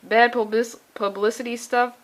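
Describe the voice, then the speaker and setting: A woman's voice: fairly high pitch, level tone, normal speed. A young woman reviewing a comic book in a casual vlog, sarcastic and profane, rambling as she talks.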